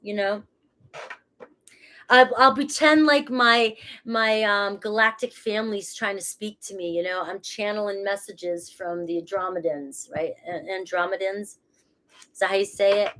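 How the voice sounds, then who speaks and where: A chatty woman who has a cold gives a casual tarot reading, rambling from point to point and laughing at herself along the way. She speaks in an ordinary middle pitch. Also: a little slow, fairly bright tone. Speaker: tarot reader.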